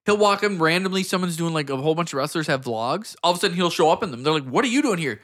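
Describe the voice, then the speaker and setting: A man's voice: on the high side, very fast. A man co-hosting a podcast, chatting casually with friends and mimicking the people in his stories. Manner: animated storyteller, mimics people he describes. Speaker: podcast co-host. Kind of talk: casual chat among friends.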